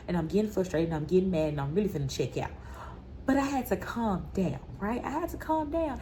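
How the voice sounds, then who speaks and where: A woman hosting a motivational podcast, talking in an emphatic, playful and conversational way with slang, and easing into soft, earnest encouragement. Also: a little high, sing-song, quick pace, slight background noise. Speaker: podcast host.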